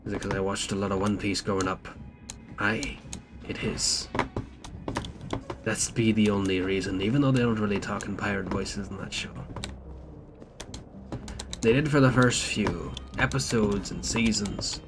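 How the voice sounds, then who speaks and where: A man with a lowish voice and moderate pace streams a video game, chatting casually and profanely while reading in-game notes aloud. His live-stream commentary plays over loud game music.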